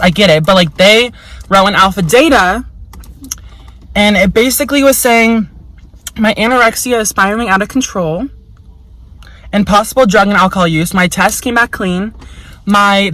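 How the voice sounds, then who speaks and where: A young vlogger tells a story in a casual vlog using a mid-range, fairly bright voice. She's frank and chatty, swears heavily, pads her speech with "like", and slips into voices when quoting people. There's no room sound, though the audio is poor.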